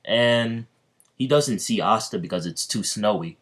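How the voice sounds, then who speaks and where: A man casually narrating a fan-fiction story as a video creator, halting with fillers and restarts. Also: lowish voice, animated, fairly bright tone, slightly rough.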